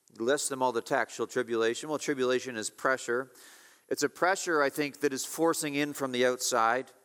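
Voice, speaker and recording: A man preaching an expository sermon, emphatic, repeating key phrases and swinging between loud and hushed. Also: medium pitch. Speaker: pastor. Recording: reverberant hall.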